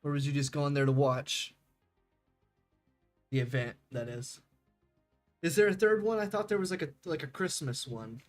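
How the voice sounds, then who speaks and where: A man's voice: a little high, moderate pace, pauses often, soft background music. A young man streaming a game, chatting casually with viewers, rambling and laughing, swearing freely.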